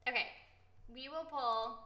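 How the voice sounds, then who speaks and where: A woman's voice: high-pitched, unhurried, reverberant, noisy background. A woman and voice actor chatting on a casual game stream, giggling often and reading viewer comments aloud. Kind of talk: casual live-stream chat.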